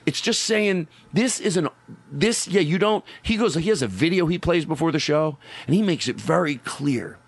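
A middle-aged comedian chatting casually and acting out quotes in an animated way, as host. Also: male voice, moderate pace, slightly rough, no room sound. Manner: animated storyteller, acts out quotes with big pitch jumps. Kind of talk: casual conversation about comedy clubs.

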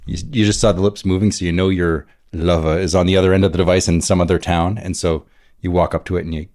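A man's voice: low voice, fairly even intonation, fast talker, a little mellow. A man co-hosting a podcast, casually chatting and reading news stories aloud with playful, jokey delivery. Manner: playful, jokey, reads headlines with mock drama. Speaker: podcast co-host.

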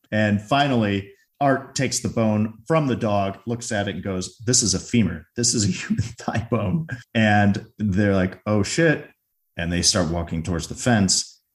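A man co-hosting a podcast, casually retelling a movie scene and briefly acting out the characters' lines. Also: medium pitch. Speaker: podcast co-host.

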